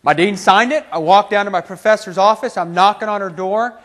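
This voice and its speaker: Male keynote speaker, high voice, lively self-mocking storyteller. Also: a little fast. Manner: animated, self-mocking, laughs through his story. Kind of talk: motivational storytelling to a live audience.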